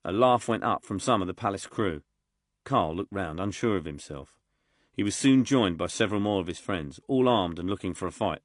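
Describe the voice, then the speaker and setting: A man reading an audiobook in a steady, measured way. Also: deep voice, dry recording, studio quality. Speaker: audiobook narrator. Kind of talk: scripted narration.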